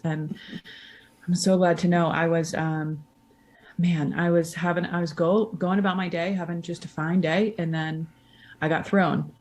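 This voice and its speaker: A woman sharing her story candidly at an online recovery meeting, self-deprecating and frank, heard over a video call. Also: lowish voice.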